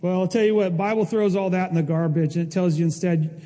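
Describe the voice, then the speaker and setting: High-voiced man preaching in a hall. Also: fast, dark tone. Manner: emotional, emphatic preaching with rising intensity. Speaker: pastor. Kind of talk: sermon.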